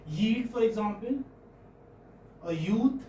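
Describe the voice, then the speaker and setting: A man's voice: high voice, expressive, dark tone. A man with an Indian English accent teaching phonetics in a classroom, often repeating words and checking with his students. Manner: pauses often, repeats words, checks understanding with "hmm?" and "okay?". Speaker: English professor. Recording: echoey room from far off, faint noise.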